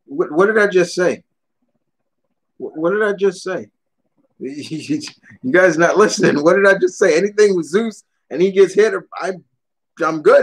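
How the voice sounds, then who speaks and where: A man's voice: on the high side, rough recording. A young man ranting bluntly and with animation while chatting casually on a live stream, swearing often as he answers viewers' questions.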